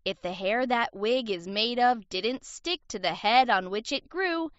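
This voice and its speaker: A woman's voice: a little high, expressive, measured pace, a bit bright, smooth, no room sound. Woman doing a wry joking huntsman. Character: good-humored male huntsman joking. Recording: dull lo-fi recording.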